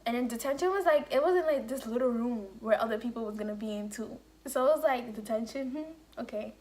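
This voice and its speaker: Young woman vlogger with a fairly high voice, chatty story-time delivery, acts out quotes. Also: quick pace. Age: young adult. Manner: animated storytelling with acted-out quotes and lots of "like". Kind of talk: casual story-time chat.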